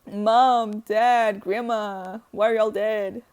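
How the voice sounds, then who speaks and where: Woman playing a story game and reading it out, mid pitch, keeps cracking jokes and yelling at it. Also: steady tone, takes it slowly, clean tone. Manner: dramatic, jokey asides and loud outbursts. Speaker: gaming streamer. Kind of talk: reading a visual novel aloud with reactions.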